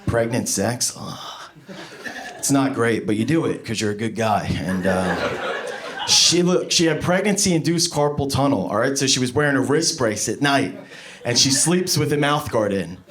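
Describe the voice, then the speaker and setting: A man in his thirties doing a stand-up set on a club stage, swearing freely and jumping into high acted-out voices. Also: expressive, moderate pace, fairly bright tone. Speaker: stand-up comedian. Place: comedy club stage before a laughing audience.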